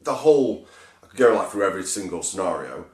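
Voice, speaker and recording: A man's voice: low-pitched, very animated, quick pace, darkish tone. A man hosting a podcast, talking casually and reflectively, with lots of fillers and asides. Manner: reflective, rambling, with many fillers. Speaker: podcast host. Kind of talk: casual chat. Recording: echoey room.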